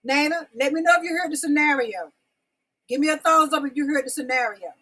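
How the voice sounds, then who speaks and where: This woman's voice is high and sharp, and she talks briskly over low-quality audio. As host of her own live-stream talk show, she chats casually with viewers, urging them to answer in the comments and asking her questions again and again. She's folksy, calling everyone y'all and babies.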